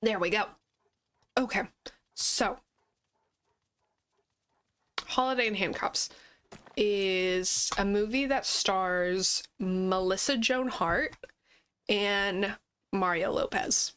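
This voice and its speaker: A woman hosting a gaming video, chatting casually while she plays, animated and often laughing. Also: medium pitch, takes it slowly, long pauses, smooth. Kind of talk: casual chat while playing a game. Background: faint game music.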